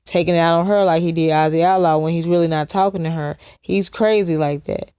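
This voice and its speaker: A woman delivers reaction commentary with dry sarcasm and blunt put-downs. Her voice is smooth and clear, a little low, recorded close and dry with no room sound. She is plainly the host of the channel. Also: a little fast, dry recording. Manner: sarcastic, mocking, deadpan asides.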